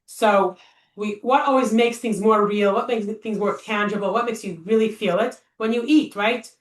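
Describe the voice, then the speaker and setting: A woman's voice: mid-range voice, moderate pace. Woman teaching a study group, lots of ums and "right?", sounds a bit far off in a roomy space. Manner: chatty, thinks aloud with many fillers and rhetorical questions. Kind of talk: informal text study class. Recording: echoey room, voice a bit far from the mic.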